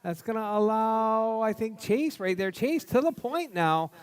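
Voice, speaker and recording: A man's voice: high-pitched, unhurried, smooth. A man announcing and commenting on a small radio-controlled car race at a local track. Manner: loud calls of grid spots, chatty play-by-play.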